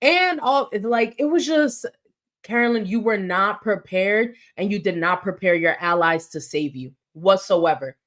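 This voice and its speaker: Brief: woman podcast co-host, mid-pitch, animated recap chatter. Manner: animated, quick retelling with acted-out quotes. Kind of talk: casual recap chat.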